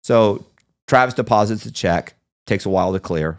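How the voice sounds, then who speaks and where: A man's voice: on the low side, normal speed. A man telling a long story as a podcast guest, acting out the people he quotes. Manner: lively storyteller who acts out the people he quotes. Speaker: interview guest.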